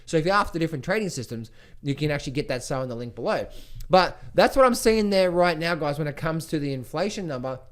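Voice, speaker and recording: A man giving casual market commentary to his viewers, excitable and repetitive, often restarting his phrases. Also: fairly high pitch, fast. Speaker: trading educator.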